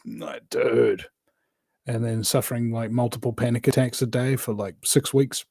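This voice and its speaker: A New man talking as a guest, voice of medium pitch. He rambles and presses his points with lots of fillers and restarts. The sound is close and dry, with no room around it. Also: fairly even intonation, moderate pace, vocal fry, darkish tone, no room sound. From New Zealand. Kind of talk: casual conversation.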